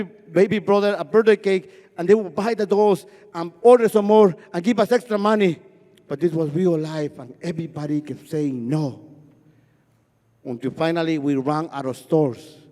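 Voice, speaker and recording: A high, mellow male voice, telling a personal story on a festival stage. He builds rhythm through repetition and has a stutter. A long hall reverb hangs behind each line. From Guatemala. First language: Spanish.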